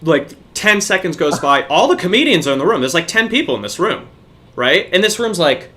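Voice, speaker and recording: A man's voice: on the high side, sing-song, brisk, sharp tone. A young man, a podcast co-host, telling a profane story in casual chat.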